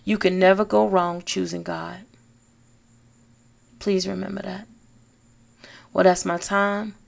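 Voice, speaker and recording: A woman hosting a faith podcast, speaking in a slow, emphatic, encouraging way. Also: medium pitch, flat delivery, gravelly. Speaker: podcast host. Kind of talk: inspirational faith talk.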